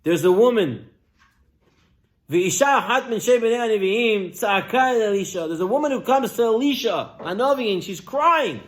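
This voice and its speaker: A man, a rabbi, preaching a sermon as an animated storyteller who addresses listeners directly and swings from loud to near-whisper. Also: high-pitched, moderate pace.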